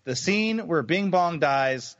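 A man's voice: on the high side, expressive, slow pace, noisy background. A man co-hosting a casual chat podcast, laughing often and swearing casually. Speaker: podcast co-host. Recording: dry muffled lo-fi mic.

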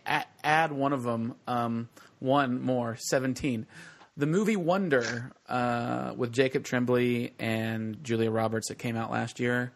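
A man co-hosting a casual chat podcast, teasing his friends, swearing and laughing loudly. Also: medium pitch, steady tone, a little slow, gravelly. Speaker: podcast co-host.

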